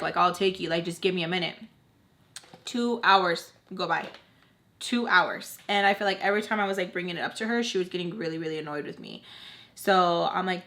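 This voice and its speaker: A woman's voice: lowish voice, a bit bright. A young woman telling a personal story in a casual vlog while she does her makeup. She talks chattily, fills her speech with "like" and acts out what the other people said. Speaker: YouTube storyteller.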